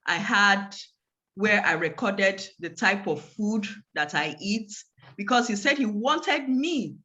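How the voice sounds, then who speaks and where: A woman speaks over a video call, sharing a personal story. Her voice sits at an ordinary middle pitch. She tells it vividly and slips into the dialogue as she goes. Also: bright, forceful tone. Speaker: guest speaker.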